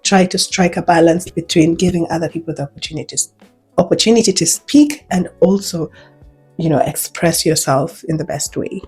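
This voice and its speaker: A woman's voice: fairly low pitch, normal speed, darkish tone, husky, faint music behind. A woman talking to camera in a casual, direct way, giving practical advice on job interviews.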